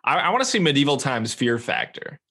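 Young male podcast co-host, bright tone, quick to joke. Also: mid-range voice, very animated. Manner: joking, giggly. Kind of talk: casual chat.

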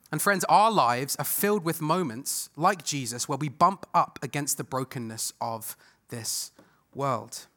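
Earnest, bright-voiced male preacher. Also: a little high. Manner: earnest, swings from loud emphasis to hushed tenderness. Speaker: pastor. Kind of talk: sermon.

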